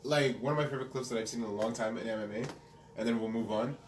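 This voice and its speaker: A man's voice: medium pitch, quick pace, a little hiss or hum. A man hosting a casual podcast chat, laughing easily and steering the topics. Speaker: podcast host. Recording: roomy room, distant mic, faint ambience.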